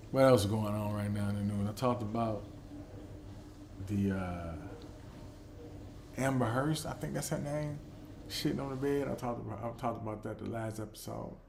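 A middle-aged man hosting his own podcast, telling stories in a loose, profane, animated way. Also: fairly low pitch, a little slow, gravelly, pauses often, a little hiss or hum. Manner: animated storyteller who acts out quotes. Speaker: podcast host. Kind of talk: casual podcast monologue.

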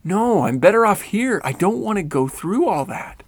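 A distraught woman in a spoken story pleads and protests, loud and a touch higher than the teller's usual voice, as a man reads her lines. The voice stays gravelly with fry underneath, at a middle pitch for a man. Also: fairly even intonation, moderate pace, no echo. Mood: protesting. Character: woman refusing to return to her body.

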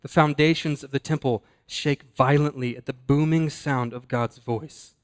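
A man preaching a sermon, earnest and deliberate, slowing down and dropping his voice to stress key words. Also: medium pitch, fairly even intonation. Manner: earnest, slows and drops to a hush for emphasis. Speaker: pastor.

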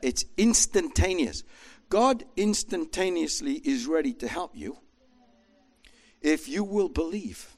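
A man preaching a sermon with an animated manner, acting out voices as he tells the story. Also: on the high side, takes it slowly. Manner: animated, acts out voices in quotes.

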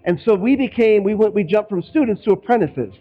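Chatty pastor guy from northwest indiana preaching, kinda high voice, muffled lo-fi sound. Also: lively intonation, brisk, faint music behind. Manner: conversational, acts out quoted voices. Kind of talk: sermon.

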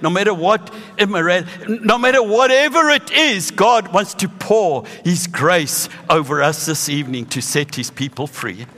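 A man in his sixties with a South African accent, preaching a sermon with animated, emphatic bursts. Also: high voice, in a large hall. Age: 60s.

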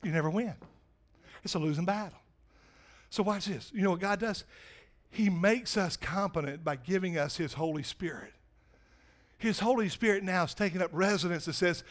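A man preaching a sermon to his church, swinging from loud urgency to hushed, near-whispered pleading. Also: high voice, moderate pace, long pauses. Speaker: pastor.

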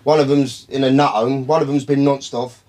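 A man's voice: mid-range voice, level tone, moderate pace, dark tone. A man, telling a long, profane story in casual talk, rambling and calling his listeners by name. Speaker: podcast guest.

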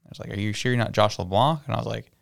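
Low, gravelly man telling stories. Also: very fast, no room sound, studio quality. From Canada. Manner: storytelling, acts out quoted people. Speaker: podcast co-host. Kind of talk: casual chat.

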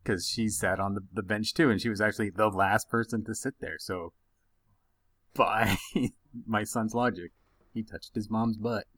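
A man in his thirties, a podcast co-host, telling a funny family story in a casual, animated way and laughing often. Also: fairly low pitch, unhurried, no room sound.

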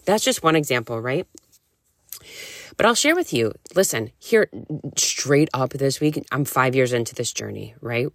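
A woman in her thirties, a podcast host and nutrition coach, talking in a candid, animated way, full of "like" and casual swearing. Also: a bass voice, dry recording, clean studio sound. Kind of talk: casual solo podcast talk.

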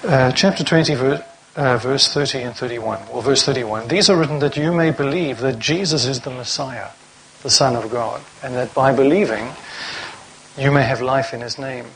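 A man's voice: medium pitch, normal speed, fairly bright tone, a little hiss or hum, rough recording. A man preaching a sermon to a congregation, reading scripture aloud and asking rhetorical questions.

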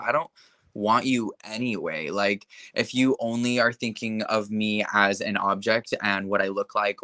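A man's voice: lowish voice, sharp tone, no echo. A young man in a casual interview, talking frankly with lots of fillers like "like" and "you know". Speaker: interview guest. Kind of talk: casual conversation.

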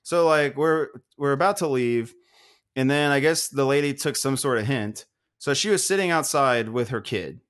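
A young man co-hosting a casual podcast, ranting in a profane, animated way. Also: mid-range voice. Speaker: podcast co-host.

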